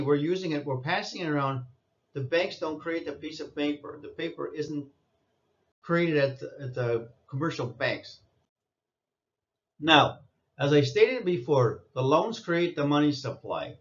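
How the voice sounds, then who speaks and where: A man's voice: a little high, dull audio. A man giving an insistent lecturing monologue, repeating his points and scolding listeners. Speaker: commentator.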